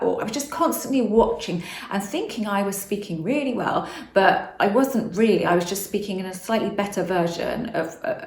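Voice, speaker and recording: A woman's voice: medium pitch, darkish tone, echoey room. A woman from the West Country of England with a slight West Country accent, talking frankly in a casual monologue and laughing often. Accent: slight West Country English. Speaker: author and vlogger.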